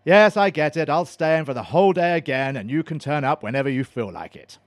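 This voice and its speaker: A man's voice: fairly high pitch, lively intonation, brisk, no echo. A man playing a prim, put-upon man who mutters to himself and turns sarcastic, in a comedy audio drama. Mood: fussy.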